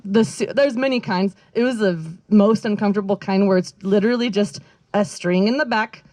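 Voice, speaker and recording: A woman's voice: medium pitch, fairly quick, darkish tone, dry recording. A young adult woman doing stand-up outdoors, telling a story in a rambling, self-interrupting way and giggling often. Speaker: stand-up comedian. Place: outdoor backyard show.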